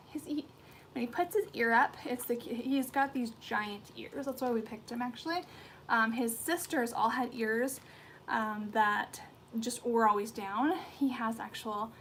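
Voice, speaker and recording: A woman's voice: a little high, measured pace, fairly bright tone, a little hiss or hum. A woman in her thirties from the United States, hosting a casual skincare livestream from home, chatting in a rambling way with lots of fillers and restarts. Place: home room with pets.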